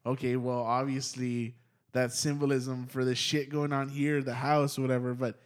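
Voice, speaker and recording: A man's voice: medium pitch, little pitch movement, moderate pace. A man hosting a casual podcast chat, telling a rambling, swear-laced anecdote in a studio. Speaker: podcast host. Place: recording studio.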